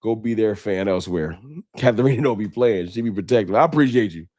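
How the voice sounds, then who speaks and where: A man's voice: lowish voice, expressive, fairly quick, darkish tone, no echo, studio quality. A man hosting a late-night sports fan livestream, talking off the cuff with emotion and slang. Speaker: sports fan show host.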